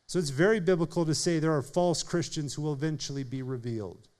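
A man preaching a sermon in an earnest way, speeding up and slowing down for emphasis and calling on listeners by name. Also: on the high side, a little mellow. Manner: earnest preaching, shifting pace and volume for emphasis. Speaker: pastor.

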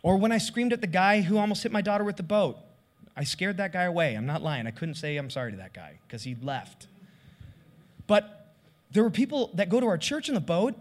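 A man's voice: high voice, animated, brisk. A middle-aged man who pastors a church, preaching a candid, confessional sermon and voicing his own prayers as he goes.

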